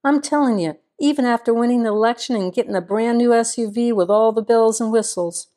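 A woman's voice: fairly high pitch, a little fast, warm tone, natural voice. A woman reading as a grim small-town deputy. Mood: wry. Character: weary grown man, small-town deputy, blunt.

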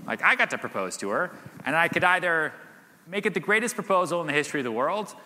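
Animated man telling stories on stage. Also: on the high side, fast, slight background noise. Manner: animated storyteller, laughs often, many "like" fillers. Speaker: guest. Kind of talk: live Q&A storytelling. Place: event stage. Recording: reverberant hall.

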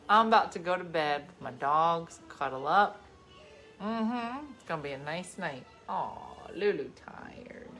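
A woman in her forties hosting a livestream, telling stories in a casual chat and swinging from loud bursts to hushed asides. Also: on the low side, expressive, slow pace, long pauses, soft background music. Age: 40s. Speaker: livestream host.

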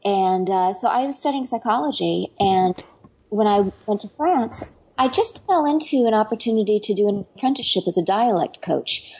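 A woman's voice: medium pitch, animated, moderate pace, darkish tone, slightly rough, poor audio. A middle-aged woman, an actress and dialect coach, chatting eagerly in an interview with lots of fillers and restarts. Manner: enthusiastic, rambling, many fillers and restarts. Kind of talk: casual interview chat.

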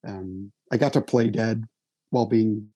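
Guest writer-actor, man; husky, dry-sounding voice, self-deprecating storyteller. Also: lowish voice, fairly even intonation, a little slow, dark tone, dry recording. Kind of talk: casual conversation, storytelling.

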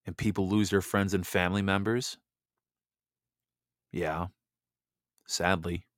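A man's voice: low voice, fairly even intonation, slow, no room sound, clean studio sound. A man hosting a Bible reading show, delivering a heated, blunt monologue and stumbling over repeated words when he gets worked up. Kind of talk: impassioned political monologue.

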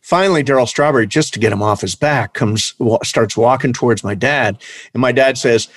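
A man in casual conversation, telling a lively anecdote with energy. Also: mid-range voice, brisk, dry recording. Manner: animated storyteller, shouts in impressions. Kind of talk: casual chat.

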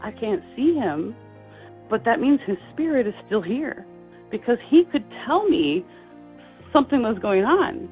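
A middle-aged woman, an interview guest, telling a personal story in a halting, heartfelt way with many fillers and restarts. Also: on the high side, sing-song. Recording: tinny phone-line sound with faint music.

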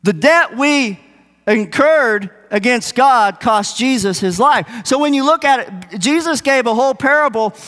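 A man's voice: extremely high pitch, expressive, unhurried, a bit bright. A man preaching a sermon, earnest and emphatic, repeating his key points. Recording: long reverb of a hall.

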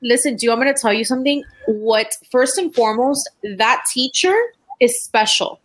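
A woman's voice: on the high side, fairly even intonation, moderate pace, fairly bright tone, rough recording. A woman in casual chat, giving advice emphatically and laying out her points one by one.

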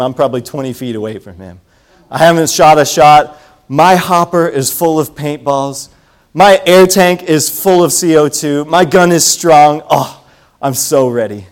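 A preacher with a somewhat high voice delivers a sermon. He tells a personal story with lively energy and swings from booming calls to quiet, confiding asides. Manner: animated storytelling, swings between loud calls and hushed asides.

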